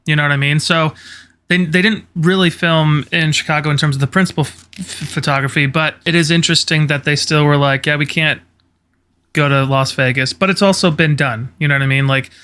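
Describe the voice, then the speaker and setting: A man with a fairly high, bright voice talks casually on a podcast. His speech is clear and smooth, and he drifts from point to point with lots of fillers and the odd swear. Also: brisk. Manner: chatty, profane, quotes scenes with animated impressions. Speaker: podcast co-host. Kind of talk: casual chat.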